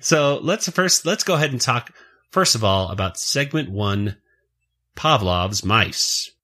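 A man hosts a casual podcast about a cartoon series, laughing often as he talks. His voice is bright and a little husky, with a lively, swinging pitch. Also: unhurried. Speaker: podcast host. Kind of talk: casual chat.

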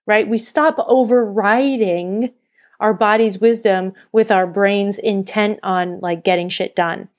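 A woman's voice: medium pitch, a little slow, darkish tone. A woman hosting a solo podcast, talking in an earnest, encouraging way and sometimes stopping to correct herself. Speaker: podcast host and burnout coach. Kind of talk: casual solo podcast talk.

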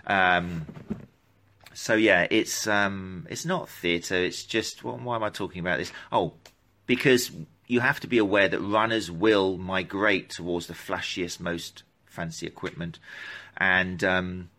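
A man's voice: deep voice, fairly even intonation, measured pace, sharp tone. A man who runs gait analysis for runners, talking casually on a live stream and answering viewer questions in a rambling, self-interrupting way. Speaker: running gait analysis clinician.

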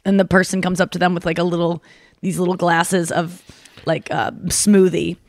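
A woman podcast host in casual chat, giggly and animated as she tells stories. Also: on the low side, moderate pace, no room sound, studio quality.

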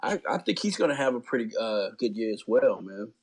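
A man's voice: medium pitch, big pitch swings, a little mellow. A man chatting easily as a guest on a sports podcast. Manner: easygoing, drawn-out, ends lines with "man". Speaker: guest fan. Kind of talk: casual sports podcast chat.

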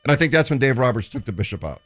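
A man's voice: mid-range voice, rapid-fire. Guy telling sports stories on a radio show, voice goes way up and down, does the voices. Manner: animated storyteller who acts out quotes. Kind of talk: casual radio show chat.

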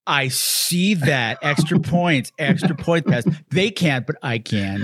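A man hosting a podcast in casual chat, theatrical and excitable, laughing easily. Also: fairly high pitch, takes it slowly, no echo, clean studio sound. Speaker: podcast host. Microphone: podcast microphone.

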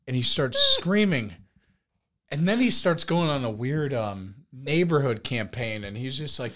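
Animated young man telling a crude story. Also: mid-range voice, moderate pace. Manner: animated storyteller, breaks into laughter, shouts quoted lines. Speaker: podcast co-host. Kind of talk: casual storytelling chat.

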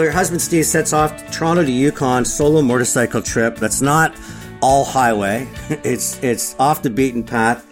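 A man hosting an interview podcast, introducing his guest and asking direct questions. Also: medium pitch. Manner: conversational, asks direct questions. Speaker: podcast host.

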